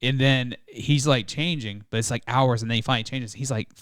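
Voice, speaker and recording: A man's voice: medium pitch, brisk, a bit bright, clean tone, dry recording, studio quality. A man co-hosting a podcast in casual chat, laid-back and swearing casually while filling in plot details. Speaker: podcast co-host. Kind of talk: casual chat reviewing a TV show.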